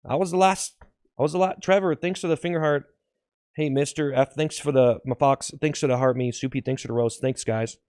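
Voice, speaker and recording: A man live streaming, talking in an excitable, rambling way and repeating himself. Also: medium pitch, brisk.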